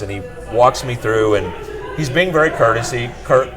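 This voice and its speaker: A man's voice: medium pitch, normal speed, over music, low-quality recording. Rambling man telling a story. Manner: rambling, restarts with "what had happened was". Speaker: podcast host telling a story. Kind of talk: casual storytelling. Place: bar.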